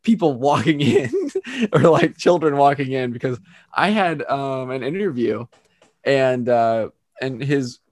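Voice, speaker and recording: A young man in casual chat, relaxed, laughing often and trailing off with fillers. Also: medium pitch, unhurried, no room sound.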